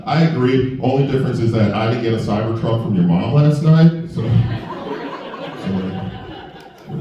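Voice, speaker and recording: A man's voice: medium pitch, heavy reverb, far from the mic, dull audio. A man performing a stand-up comedy set at a comedy club, chatting and asking the crowd questions. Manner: conversational, asks the crowd questions.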